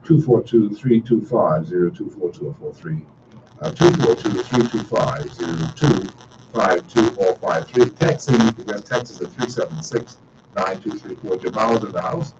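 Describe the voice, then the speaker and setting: A man's voice: fairly low pitch, normal speed, a little mellow, recorded from a distance, dull audio, a little hiss or hum. A middle-aged man, hosting a casual call-in radio talk show with a folksy, repetitive, storytelling manner.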